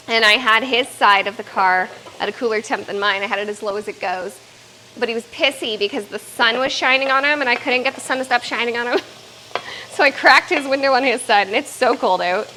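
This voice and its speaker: A woman's voice: mid-range voice, sharp tone, a little hiss or hum, low-quality recording. A woman streamer chatting casually, swearing now and then and talking to her puppy. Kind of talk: casual live-stream chat.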